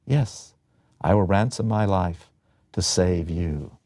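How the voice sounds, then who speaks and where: A man's voice: sits low, takes it slowly, dark tone, no room sound, clean studio sound, voice pushed down. A man voicing a noble, devoted young wife in a retold ancient Greek tragedy, speaking tenderly and earnestly.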